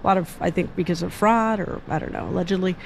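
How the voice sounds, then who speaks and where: A woman's voice: fairly low pitch, fast talker, vocal fry, a little hiss or hum. A woman hosting a community radio show, chatting casually between songs, rambling through asides and correcting herself as she goes. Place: radio studio.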